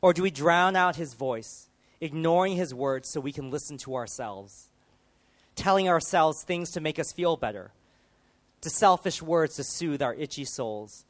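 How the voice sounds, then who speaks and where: A man preaching a sermon, building through emphatic rhetorical questions and dropping to quieter moments. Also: a little high, animated, measured pace.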